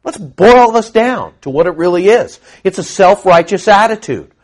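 A middle-aged man preaching a verse-by-verse sermon, moving between quiet explanation and loud, emphatic bursts. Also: sits high, animated, normal speed. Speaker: pastor. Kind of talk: expository sermon.

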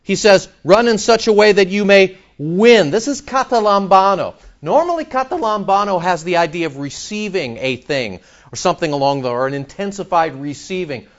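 A male pastor preaching in a church. He is animated, with sudden loud outbursts and mock back-and-forth dialogue. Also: high voice, moderate pace, lo-fi sound. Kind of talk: sermon.

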